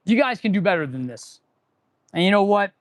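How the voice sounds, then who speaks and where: An auto mechanic hosts a casual live stream from inside his repair shop, his high voice very animated and a little fast, with dry recording. He rambles and rants sarcastically, restarts sentences often, and talks with his hands on tools.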